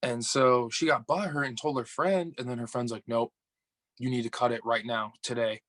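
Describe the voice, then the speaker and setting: A young man from upstate New York, a podcast guest telling a dating story in casual chat, animated and swearing, acting out the dialogue. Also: medium pitch, moderate pace, dry recording.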